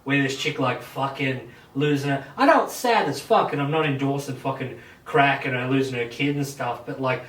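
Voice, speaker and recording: A man's voice: mid-range voice, moderate pace. Male podcast host, casual swearing storyteller acting out quotes; roomy shed sound from a distance. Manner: profane, animated, acts out quotes. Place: home shed. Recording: echoey shed, mic at a distance.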